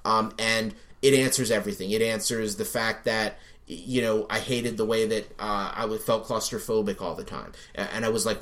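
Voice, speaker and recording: A man co-hosting a podcast, chatting casually and excitedly, swearing freely and acting out his own reactions. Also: fairly low pitch, normal speed. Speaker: podcast co-host. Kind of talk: casual chat reviewing a TV show.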